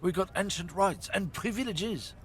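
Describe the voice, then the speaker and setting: A man voicing a gruff, bigoted middle-aged trucker from a game, swaggering and sneering as he boasts. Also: sits high, normal speed, a bit bright, voice pushed up. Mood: boastful. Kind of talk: voicing game dialogue on a livestream.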